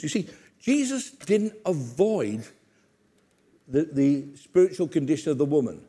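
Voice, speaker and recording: A man's voice: fairly high pitch, sing-song, a little slow, mellow, husky. An older man preaching a sermon, acting out Bible scenes with humor and asides to the congregation.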